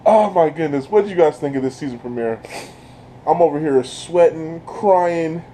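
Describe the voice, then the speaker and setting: A man giving an excited, casual recap as a video reviewer, breaking into laughter and breathless from it. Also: fairly high pitch, normal speed, slight background noise, rough recording. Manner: keeps breaking into laughter while retelling.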